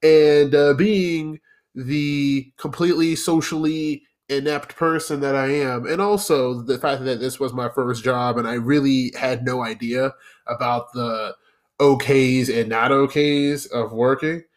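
A man's voice: mid-range voice, fairly even intonation, a little slow. Man, podcast host, casual storytelling, profane, rambling, self-deprecating.

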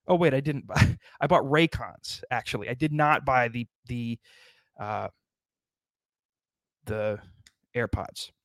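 A man's voice: medium pitch, slow, pauses often, no echo. A man delivering a rambling, sardonic comedic monologue, swearing constantly as he riffs.

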